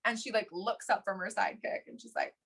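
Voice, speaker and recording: A woman in her thirties, a podcast guest telling stories in casual conversation, animated, laughing often and acting out what others said. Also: medium pitch, quick pace, husky. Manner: animated, laughs often, acts out quoted voices. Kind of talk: casual interview storytelling.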